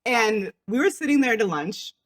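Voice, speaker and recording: A woman co-hosting a craft podcast, telling a story in a chatty way with quick asides and frequent laughter. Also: a little high, lively intonation. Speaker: podcast co-host. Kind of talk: casual chat.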